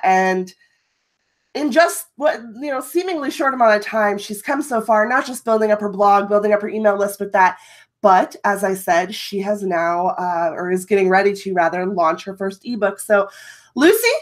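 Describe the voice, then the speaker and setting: A woman, hosting a live stream from home and telling stories in a chatty, animated way. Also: medium pitch. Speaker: host. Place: home room.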